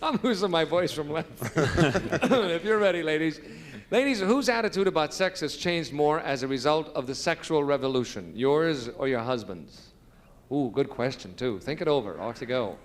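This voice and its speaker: A man hosting a TV game show, jokey and excitable, laughing often between questions. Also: a little high. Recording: old TV studio recording with loud audience. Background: studio audience.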